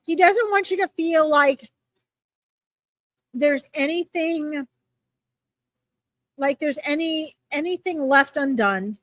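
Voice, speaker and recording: A woman giving chatty, reassuring readings to viewers on a live stream, with lots of fillers and little pauses. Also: high voice, fairly bright tone, dry recording. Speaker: psychic reader answering viewers.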